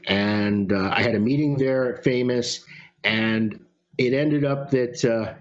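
A man telling a story in casual chat, animated, with some swearing. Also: medium pitch, unhurried. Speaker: podcast guest. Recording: lo-fi sound.

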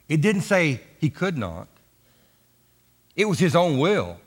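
A man's voice: sits high, sing-song, slow pace, long pauses, in a large hall. A man preaching a sermon, leading call-and-response and drawing out his phrases for drama. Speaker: pastor.

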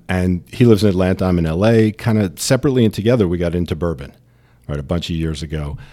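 With a low, warm voice, this New York-accented man in his fifties chats as a guest in a casual interview. He founded a distillery and recounts his story in a chatty way, using lots of fillers.

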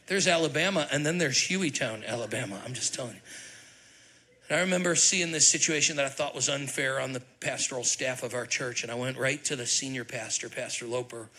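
A middle-aged man, lead pastor, preaching a sermon with animated, humorous storytelling and questions to the congregation. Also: mid-range voice, fairly quick, slightly rough, low-quality recording.

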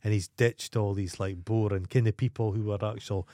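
A man's voice: on the low side, fairly even intonation, moderate pace, warm tone, no room sound, clean studio sound. A man co-hosting a podcast, ranting casually with lots of swearing and restarts. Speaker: podcast co-host. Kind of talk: casual film review chat.

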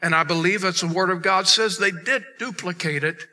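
A man preaching a sermon as pastor, emphatic, swinging between loud bursts and hushed moments. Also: high voice, moderate pace.

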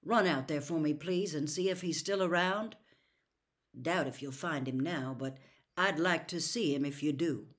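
A woman voicing a steady middle-aged father who speaks in clipped, firm, controlled sentences. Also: deep voice, unhurried. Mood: urgent.

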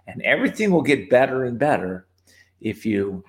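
Male guest, mid-pitched, reflective storyteller who pauses and restarts. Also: sing-song. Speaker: podcast guest. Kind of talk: personal storytelling.

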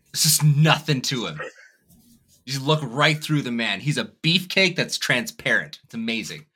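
A man hosting a casual movie discussion podcast, talking in a wry, sardonic way with quick asides. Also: mid-range voice, pushed and bright. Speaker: podcast host.

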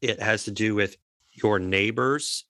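A man's voice: on the low side, unhurried, pushed and bright, dry recording, studio quality. A man co-hosting a casual podcast, telling stories with playful, jokey asides. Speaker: podcast co-host. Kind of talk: casual storytelling chat.

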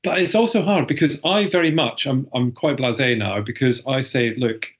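A man's voice: mid-range voice, normal speed. Chatty middle-aged man. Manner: chatty storyteller, acts out family dialogue. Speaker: podcast guest, spouse of a host. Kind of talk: casual chat.

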